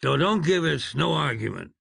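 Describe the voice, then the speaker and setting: A man's voice: fairly high pitch, big pitch swings, normal speed, vocal fry, a bit bright, slightly rough, no echo, studio quality, exaggerated voice. A man voicing a grumbling, reluctant young cowboy in a storybook reading.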